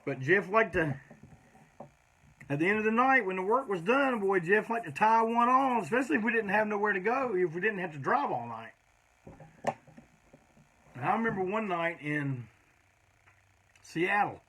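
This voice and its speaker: A man's voice: sits high, animated, moderate pace, long pauses, a bit bright, slightly rough. A middle-aged man, a punk band singer, telling rambling, profane road stories in a casual monologue.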